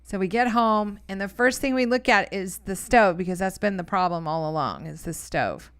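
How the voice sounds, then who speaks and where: A woman's voice: mid-range voice, normal speed, clear, resonant tone. A middle-aged woman co-hosting a casual live stream from home, telling stories with lots of laughter. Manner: animated storytelling, laughs often.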